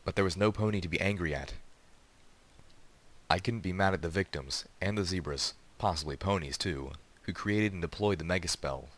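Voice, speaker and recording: A man reading a fan story aloud in a steady, even narration. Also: low-pitched, moderate pace. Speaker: reader.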